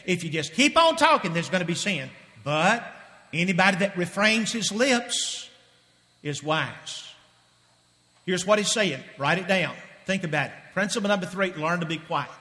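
A male preacher giving an emphatic sermon, repeating points and swinging from loud declarations to hushed asides. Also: sits high. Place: church sanctuary. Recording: long reverb of a large hall.

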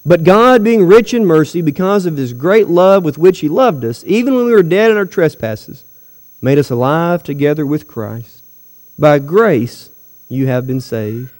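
A man's voice: on the high side, a little mellow. A man preaching a sermon to his church, emphatic and full of rhetorical questions to the congregation. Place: church hall. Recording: long hall reverb.

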